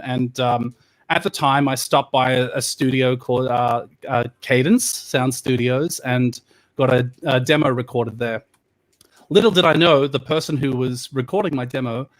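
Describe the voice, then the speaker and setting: A man voice actor telling his story in a relaxed, rambling way over a video call, with many pauses and fillers. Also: mid-range voice. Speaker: voice actor on a panel. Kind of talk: casual storytelling chat.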